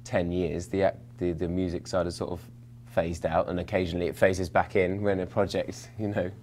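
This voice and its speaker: A young actor from London answers interview questions in a low, level, slightly mellow voice, talking fairly quickly. He rambles and mocks himself, full of fillers and restarts, with a little hiss or hum in the audio.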